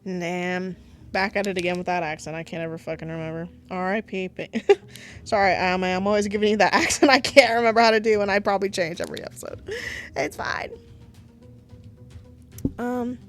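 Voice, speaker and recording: A woman's voice: mid-range voice, steady tone, moderate pace, long pauses, a bit bright, faint music behind. A woman with a sore throat, reading a visual novel aloud and breaking off into casual, self-mocking asides. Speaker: game streamer.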